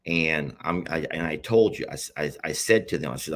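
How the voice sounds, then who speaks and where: A man who runs an animal sanctuary, talking through his mistakes in a halting, repetitive, confessional way, close to tears. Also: low voice. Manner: halting, repeats himself, confessional. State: near tears. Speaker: animal sanctuary owner and page host. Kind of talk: emotional personal vlog.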